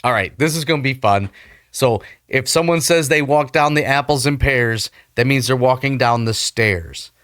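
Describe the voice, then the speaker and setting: A man's voice: medium pitch, normal speed, fairly bright tone. An upbeat man reacts to a video and chats straight to his viewers in a casual way. His voice sits in the middle range. The sound is close and dry, with no room echo. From United States.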